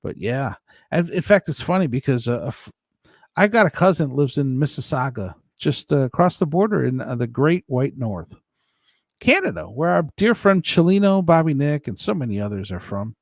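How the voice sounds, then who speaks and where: Chatty stream host, male, gravelly voice with lively ups and downs, jokey and rambling. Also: medium pitch, moderate pace, no echo, studio quality. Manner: rambling, joking, laughs often. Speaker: livestream host reading chat. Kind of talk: casual chat.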